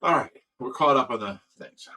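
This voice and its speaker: A man's voice: mid-range voice, expressive, normal speed, sharp tone, low-quality recording. An older man and grandfather hosting a casual livestream, chatting loosely and reading viewer comments aloud with frequent laughs. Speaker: livestream host.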